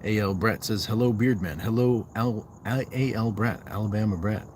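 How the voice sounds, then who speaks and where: A man's voice: on the low side, moderate pace, a little mellow, slight background noise. A man from the Southwest United States hosting a casual livestream, reading viewer comments aloud and answering them with playful, bantering asides. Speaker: livestream host. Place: outdoors on a walk.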